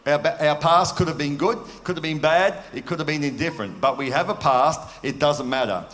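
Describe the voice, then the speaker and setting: A man's voice: a little high, moderate pace, a bit bright. A man preaching a sermon in an earnest, conversational way, asking his listeners questions. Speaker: pastor. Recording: long hall reverb.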